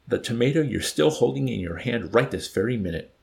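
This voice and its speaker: A man's voice: mid-range voice, lively intonation, brisk, vocal fry, a little mellow, pitched above the performer's own voice. A man reading as an indignant scheming corporal. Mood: insistent. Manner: indignant, insistent, raised voice.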